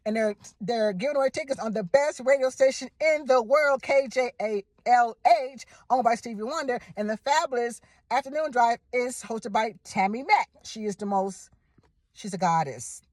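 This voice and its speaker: A woman excitedly telling a personal story to camera, gushing and repeating phrases for emphasis. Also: on the high side, moderate pace, dry recording, studio quality.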